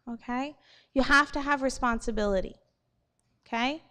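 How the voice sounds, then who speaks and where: A woman from New giving a morning assembly talk to students, animated and checking in with "okay?" and "right?" after her points. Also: high voice, moderate pace. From New York. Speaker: school assembly speaker.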